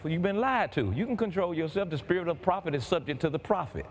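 A man preaches fervently, his voice sitting high and swinging widely in pitch as he rises to shouts. It is a live church recording with a faint hum of ambient noise. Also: expressive, quick pace, few pauses. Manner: fervent, building to shouts, calls and responses with the congregation. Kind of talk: sermon.

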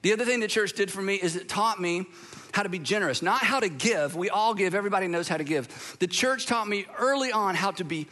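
A man's voice: high voice, fairly quick, pushed and bright. A middle-aged man, a pastor preaching a sermon in a conversational, storytelling way with asides. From Southern United States.

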